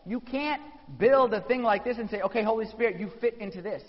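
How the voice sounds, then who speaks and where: A man preaching a sermon, telling the story with animated voices for the people in it. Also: high-pitched, a little fast. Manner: animated storytelling, acting out quotes. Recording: dull sound in a reverberant hall.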